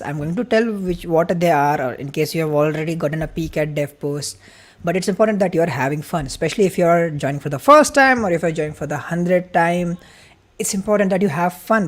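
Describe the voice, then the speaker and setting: A man hosting a live-streamed event welcome. He talks quickly and excitedly, greets viewers from the chat, and chats freely. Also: a little high. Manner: excited, fast-talking, chatty. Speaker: livestream host.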